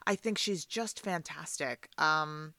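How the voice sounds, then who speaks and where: Opinionated woman with a bright voice. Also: low-pitched, slow, no echo. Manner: opinionated, emphatic, self-interrupting. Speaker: guest, actor. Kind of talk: casual chat.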